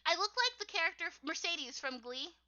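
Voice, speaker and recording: A young woman with a squeaky voice chatting casually on a livestream while she draws, rambling with lots of "like" and frequent laughter. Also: big pitch swings, brisk, bright, forceful tone, highs cut off. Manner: rambling, full of "like", laughs often. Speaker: artist streaming her drawing work.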